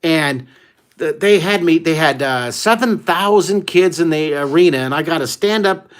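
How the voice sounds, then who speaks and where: A middle-aged American man leading a live online drawing lesson for kids, telling stories with excited whoops. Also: a little high, normal speed. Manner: exuberant, exclamatory storyteller who whoops often. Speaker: art teacher hosting a live drawing class.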